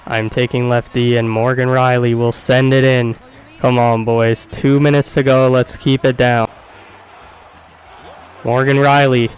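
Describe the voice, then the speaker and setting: Man gaming YouTuber, slightly high and clear, excitable play-by-play with swearing and shouted celebrations. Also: a little slow, low-quality recording. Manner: excitable, cursing, bursts into loud cheering. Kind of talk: excited play-by-play of a video game.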